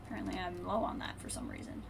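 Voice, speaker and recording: A woman streaming a video game, thinking aloud and muttering to herself, then brightly greeting her viewers. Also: on the low side, steady tone, fast talker, vocal fry, background noise. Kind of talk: casual live-stream chat while playing.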